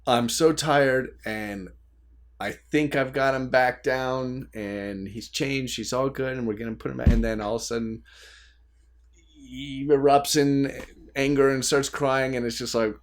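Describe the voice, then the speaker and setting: A man's voice: mid-range voice, steady tone, unhurried. A man co-hosting a casual podcast as a new father, talking candidly with jokes, frequent laughs and some swearing, recorded at his desk at home. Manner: candid, joking, laughs often, mild swearing.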